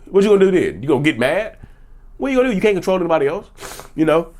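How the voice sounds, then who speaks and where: A man's voice: fairly high pitch, sing-song, rapid-fire, darkish tone. A man in his thirties hosting his own vlog, talking earnestly and emphatically and repeating phrases for stress. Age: 30s. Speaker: channel host. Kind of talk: personal vlog monologue.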